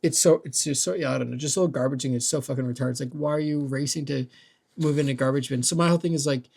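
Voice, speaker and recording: Gravelly young man ranting. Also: mid-range voice, quick pace, a little mellow. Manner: rambling, profane, heavy use of "like" and "dude". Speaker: vlogger. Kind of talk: casual rant.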